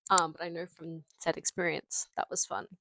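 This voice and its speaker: A woman's voice: fairly low pitch, little pitch movement, normal speed, a bit bright, no echo, rough recording. A young Australian woman rambling through a casual storytelling vlog into a small mic, full of filler words. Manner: rambling, chatty, many fillers. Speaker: vlogger. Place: parked car. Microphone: small handheld mic.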